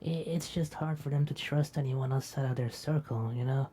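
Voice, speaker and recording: A woman voicing a sleepy, doting young female companion who speaks softly and affectionately in an animation. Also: a bass voice, fairly even intonation, brisk, a little hiss or hum. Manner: soft-spoken, drowsy and affectionate.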